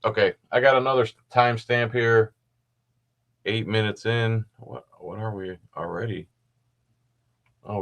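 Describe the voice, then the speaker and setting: A man's voice: mid-range voice, a bit bright. A man hosting a show, giving casual commentary on a video with rambling, sarcastic asides. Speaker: host.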